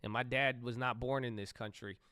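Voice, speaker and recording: A man's voice: medium pitch, fairly even intonation, fairly quick, a loud crowd. A man hosting a live trading stream, rambling and joking with the odd swear. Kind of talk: casual chat while trading.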